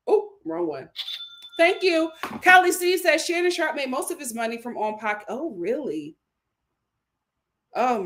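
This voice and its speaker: A woman hosting a casual livestream, reading viewer comments aloud, laughing often and bursting into loud outbursts. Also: fairly high pitch. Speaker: livestream host reading super chats.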